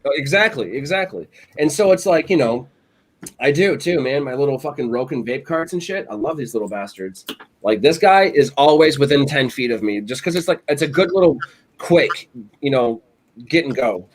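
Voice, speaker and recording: A man's voice: mid-range voice, normal speed, slight background noise. Male co-host, loose rambling storyteller, casual podcast banter. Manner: rambling storyteller, animated, lots of "like" and "you know". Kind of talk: casual chat.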